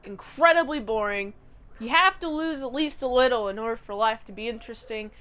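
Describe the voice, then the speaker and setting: High-voiced woman recapping casually. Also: a little fast, clean tone. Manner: animated, chatty, with sound effects. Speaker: channel host reviewing a TV episode.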